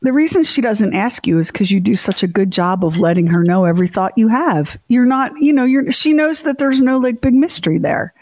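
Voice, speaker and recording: A woman co-hosting a radio show, chatting and joking as she tells stories. Her voice is a little husky, and the sound is dry and close. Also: fairly high pitch, animated, brisk, hardly any pauses, a little mellow, no echo. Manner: chatty, comedic storytelling with put-on quotes. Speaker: co-host. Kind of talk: casual radio chat.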